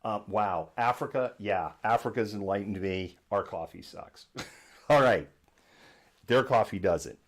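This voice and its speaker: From his home studio, a man hosts a live political news stream, sarcastic and animated, often slipping into mocking imitations and acting out imagined voices. His voice is fairly low-pitched, and he speaks at a measured pace.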